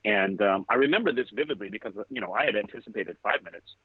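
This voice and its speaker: A man of about forty, a photographer, tells a story in a relaxed, meandering way. His voice sits on the low side. The sound is thin and phone-like over a video call, with no room echo at all. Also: fast talker, slightly rough. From California. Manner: relaxed, rambling anecdotes. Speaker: photographer guest. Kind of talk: interview storytelling. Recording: tinny, dry phone-like line.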